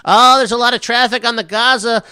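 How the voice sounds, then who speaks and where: A man's voice: very high-pitched, fairly even intonation, a little fast, sharp tone, clean tone, dry recording, clean studio sound, voice pushed up, exaggerated voice. A man putting on a brash, jokey male morning radio DJ. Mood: hyped.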